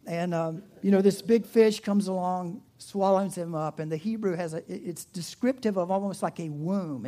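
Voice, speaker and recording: A man's voice: high-pitched, dark tone. A man with a Southern US accent preaching a sermon, retelling a story in a chatty, humorous way with asides and restarts. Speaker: pastor.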